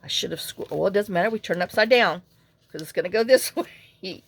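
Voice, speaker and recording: A woman's voice: mid-range voice, a little fast. A woman hosting a casual crafting tutorial, chatty and rambling as she talks viewers through her work. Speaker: crafting channel host.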